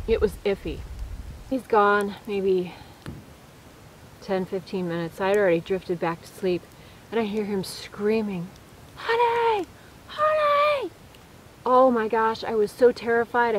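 A woman's voice: fairly low pitch, a little hiss or hum, rough recording. A woman vlogger telling a story casually to her viewers while camping alone in the woods at night, chatty, with restarts and fillers. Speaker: vlogger on a solo camping trip. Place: woods at night, at a debris shelter.

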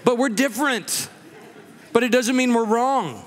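A man preaches to his congregation, and his voice sits high for a man. He moves through jokes and personal stories in an easy, conversational way. His words ring out with a long reverb in a church hall. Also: unhurried, a crowd in the background, background noise. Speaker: pastor. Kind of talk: humorous sermon. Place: church sanctuary.

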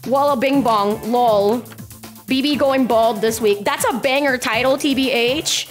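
A young woman streaming live with a high-pitched voice. She rambles to chat, swearing casually, with faint game music underneath. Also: unhurried. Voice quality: profane, rambling.

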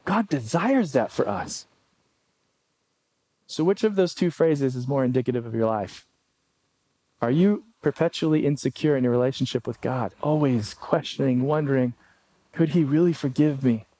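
A man preaching a sermon as pastor, animated, acting out pleading quotes. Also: mid-range voice, dry recording.

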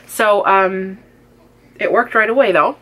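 A woman's voice: medium pitch, takes it slowly, a bit bright. Chatty young woman vlogger. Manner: casual, lots of fillers and acted-out quotes. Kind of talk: chatty get-ready-with-me storytelling.

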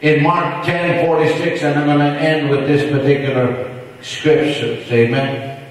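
A fervent preacher pushes his revival sermon with emphatic, repeated phrases in a high voice. He is heard from a distance in a large hall with long, rolling reverb. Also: flat delivery, a little slow. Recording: echoey hall from far off.

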